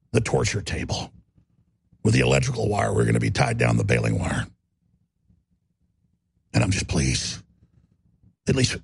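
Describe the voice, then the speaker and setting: A man's voice: deep voice, vocal fry, slight background noise. A man hosting a talk radio show, delivering an emphatic, bellowing rant. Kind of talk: ranting talk radio monologue.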